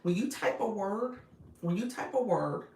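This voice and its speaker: A woman's voice: medium pitch, animated, a little slow, creaky, mellow, reverberant, a little hiss or hum. A woman hosting a casual live stream from her phone, chatting with viewers, greeting them by name and laughing often. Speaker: live-stream host and business coach.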